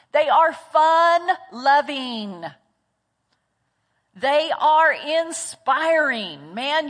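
Animated woman pastor, echoey hall. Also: fairly high pitch. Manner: animated, acts out chatty voices in quotes. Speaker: pastor teaching a class. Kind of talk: church teaching session.

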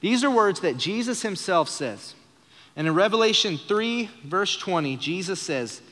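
A man's voice: sits high, expressive, measured pace, sharp tone, long reverb tail. A young man preaching an earnest sermon during a live church service, shifting his voice to act out the lines he quotes. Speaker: pastor.

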